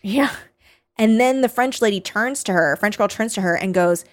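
A woman retelling a novel's plot in casual chat, animated, swearing and quoting the characters. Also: medium pitch, moderate pace. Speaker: podcast co-host discussing a novel.

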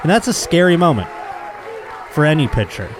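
A man's voice: on the high side, sing-song, brisk, over music, a crowd in the background. A man hosting a podcast, telling stories in a crude, joking way and slipping into mocking voices. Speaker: podcast host. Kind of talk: casual comedic monologue.

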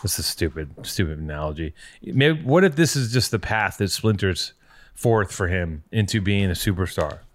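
A man's voice: low-pitched, expressive, normal speed. A man hosting a podcast in a casual, joking chat, rambling and restarting his sentences, a little underslept. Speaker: podcast host.

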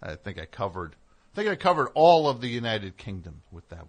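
A man's voice: fairly low pitch, big pitch swings, brisk. A middle-aged man hosting a radio show, talking in a digressive, self-interrupting monologue with sarcastic asides. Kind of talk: rambling on-air monologue.

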